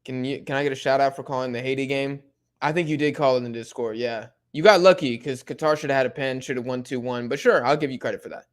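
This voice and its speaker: A young man casually chatting through a live football watch-along, reading and answering chat in relaxed slang. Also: mid-range voice, fast talker. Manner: laid-back slang-heavy chatter, many fillers.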